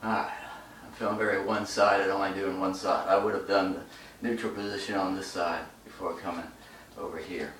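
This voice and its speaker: A man's voice: low voice, little pitch movement, a bit bright, roomy sound, recorded from a distance, slight background noise, rough recording. Breathless man coaching a stretch. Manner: talks while holding stretches, pausing and breathing hard. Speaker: stretching instructor. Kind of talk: instructional demonstration.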